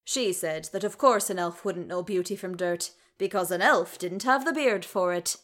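A woman reading the part of a gruff, warm-hearted male dwarf warrior in a fan story read aloud. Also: lowish voice, moderate pace, close to an everyday voice. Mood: fond. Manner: gruff, fond.

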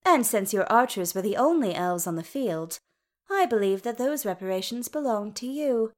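A woman voicing a wry dwarf queen regent who speaks in a sweetly teasing, lively way. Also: a little high, moderate pace, close to an everyday voice. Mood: gently pointed.

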